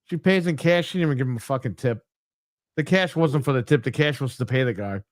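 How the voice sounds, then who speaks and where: A man's voice: medium pitch, animated, quick pace, no room sound, clean studio sound. A man co-hosting a gaming podcast, telling rambling anecdotes with casual swearing. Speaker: podcast co-host. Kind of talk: casual chat.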